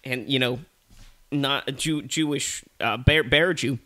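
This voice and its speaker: A man's voice: mid-range voice, a little slow, bright, forceful tone. A man co-hosting a comedy podcast, telling a rambling made-up story full of swearing and fillers. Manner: rambling, profane, many fillers. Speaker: podcast co-host.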